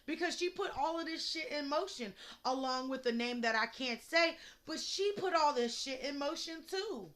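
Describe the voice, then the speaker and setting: A woman's voice: sits high, moderate pace, hardly any pauses, bright, forceful tone. A young woman, ranting angrily and bluntly in an unedited vlog, swearing freely. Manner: angry, profane, blunt. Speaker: mother venting on video. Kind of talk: emotional unedited vlog rant.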